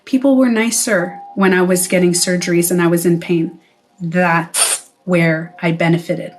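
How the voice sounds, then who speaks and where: A woman's voice: lowish voice, fairly even intonation, a little slow, faint music behind. A middle-aged woman, a former spa owner, talking straight to camera in a casual vlog. She is blunt, swears freely and acts out the voices she quotes.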